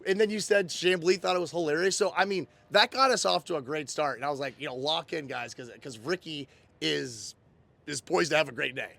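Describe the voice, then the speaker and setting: A man's voice: on the high side, fairly quick, creaky, a bit bright. A man in his thirties hosting a casual recap show, animatedly retelling a story and acting out quotes. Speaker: host.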